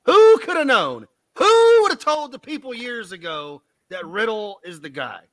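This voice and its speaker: A man with a high, bright and tense voice hosts a loose podcast chat, firing off teasing questions and laughing between them. His voice sits close and dry, with no room sound around it. The delivery is quick and playful. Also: very animated, no room sound. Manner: bantering, fires off questions, laughs often. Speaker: podcast host. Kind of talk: casual wrestling podcast chat.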